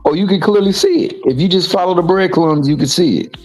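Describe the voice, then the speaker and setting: A man's voice: sits high, fast talker, darkish tone, faint music behind, poor audio. A man co-hosting a casual boxing talk show, making his points emphatically and often repeating words. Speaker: co-host.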